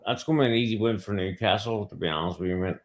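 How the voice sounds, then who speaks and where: A man's voice: fairly low pitch, very fast. A man on a football fan panel giving blunt predictions, swearing casually and calling people mate. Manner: blunt, swears freely, matey. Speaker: panel guest. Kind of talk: casual chat.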